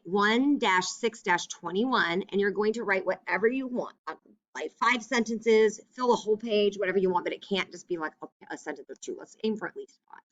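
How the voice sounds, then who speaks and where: A woman's voice: medium pitch, dull audio. A woman teacher giving a remote lesson to young children, explaining step by step in a patient, upbeat way.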